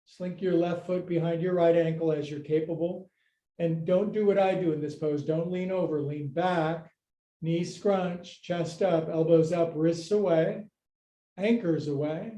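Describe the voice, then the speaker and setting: A man's voice: fairly high pitch, fairly even intonation, measured pace, mellow. An older man teaching a live-streamed yoga class, giving upbeat, playful cues and counting through poses, sometimes out of breath. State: out of breath at times.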